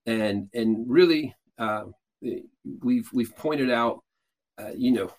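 A man's voice: medium pitch, slow, darkish tone. Rambling middle-voiced male host. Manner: rambling, with many restarts and filler sounds. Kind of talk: casual teaching talk.

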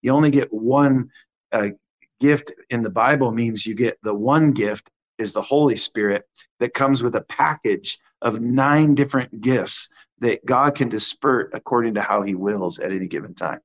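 Speaking as a guest minister, a man tells his testimony conversationally and animatedly, performing the quotes of the people involved. The recording is muffled, and his mid-range voice moves at a normal speed.

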